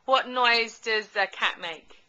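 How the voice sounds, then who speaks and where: A young mother at home, slowly coaxing her toddler to say words in an encouraging, sing-song way, filmed on a handheld camcorder. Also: a little high, bright, forceful tone, dull audio, slight background noise. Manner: slow, sing-song, encouraging baby talk.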